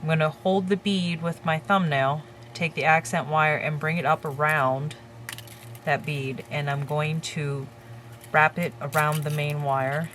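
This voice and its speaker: A woman hosting a crafting tutorial, calmly talking through each step while she works with her hands. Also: low-pitched, slight background noise. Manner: calm, unhurried, talks while working with her hands.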